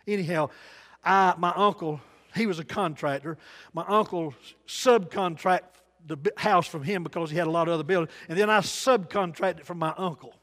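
High-voiced preacher in a hall. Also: male voice. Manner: folksy storytelling with dialect, varied loud and soft delivery. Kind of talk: sermon. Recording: long hall reverb.

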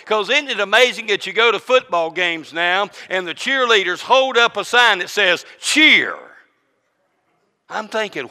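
A man preaching a sermon as interim pastor, swinging from booming declarations to hushed asides. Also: big-room sound.

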